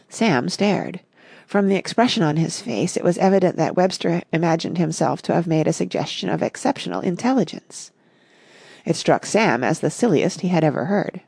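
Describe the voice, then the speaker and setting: A woman narrates an audiobook with a husky, lowish voice and a gravelly edge. Her delivery is expressive and varied in pitch. The sound is dry and close. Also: normal speed, no room sound. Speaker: audiobook reader.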